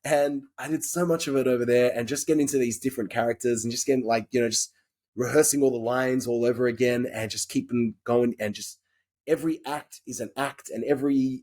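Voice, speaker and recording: A husky, slightly rough-voiced Australian man chatting as a podcast guest. He talks frankly and in loose, rambling stretches, dropping the odd swear word as he goes. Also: medium pitch, fairly even intonation, a little fast, darkish tone. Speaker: guest actor. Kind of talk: casual podcast interview chat.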